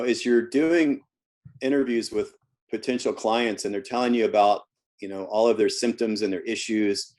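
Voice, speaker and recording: A man's voice: lowish voice, a little mellow. A man who works as a health coach, talking casually in an interview and telling stories from his work, often restarting and repeating words.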